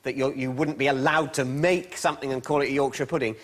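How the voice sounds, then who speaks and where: A man's voice: medium pitch, steady tone, fast talker. A male comedian on a panel show, bantering with a dry, sardonic manner. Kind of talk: quick-witted panel banter.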